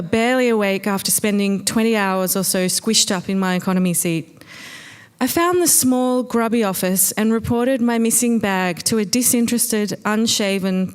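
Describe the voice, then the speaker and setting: Smooth-voiced Australian woman telling a story. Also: mid-range voice. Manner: wry, conversational first-person reading. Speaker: storyteller on stage. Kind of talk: live storytelling reading. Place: stage at a live storytelling night. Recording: long reverb of a venue hall.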